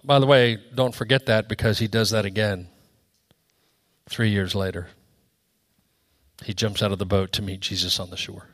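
A male pastor preaching a sermon to his congregation, rising to loud emphatic peaks and dropping to quiet, low asides. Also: steady tone, moderate pace, pauses often. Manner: dynamic preaching, swinging from loud high peaks to soft low drops. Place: church.

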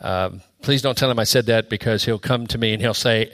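A man preaching a sermon in church with a bright, forceful tone. He swings between loud, high-pitched emphasis and hushed, low drops in his delivery. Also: moderate pace, long pauses. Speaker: pastor.

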